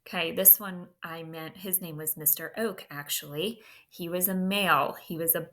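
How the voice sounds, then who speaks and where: A woman teacher giving a slow, deliberate spelling dictation lesson, saying each word, using it in a sentence, then checking the marking. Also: lowish voice, fairly even intonation, bright, forceful tone.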